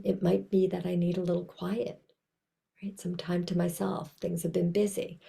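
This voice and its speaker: A woman presenting a trauma training over a video call, teaching in a gentle, reflective, conversational way with soft self-talk asides. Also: lowish voice, creaky.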